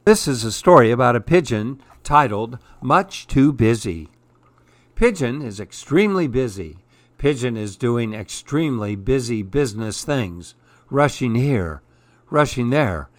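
A man reading a children's picture book aloud in a calm, measured storytelling way. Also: mid-range voice, no echo.

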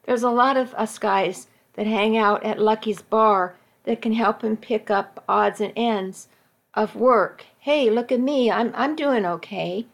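A woman's voice: on the high side, measured pace, creaky. A woman voicing a crude drunk man who slurs and stumbles over his words in a spoken story. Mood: mocking. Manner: slurred, stumbling speech.

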